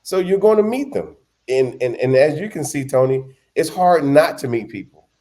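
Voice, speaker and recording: A man's voice: fairly high pitch, expressive, moderate pace, dark tone. A man co-hosting a travel show, talking casually with lots of restarts and emphatic stresses. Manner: rambling, many restarts, emphatic. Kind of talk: casual conversation.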